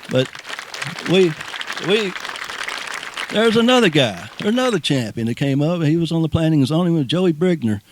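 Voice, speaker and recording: A man's voice: medium pitch, a little mellow, dry recording. A man giving a rambling, folksy speech of thanks outdoors, often repeating words and restarting. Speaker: speaker at a ribbon cutting. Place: outdoors at a nature preserve.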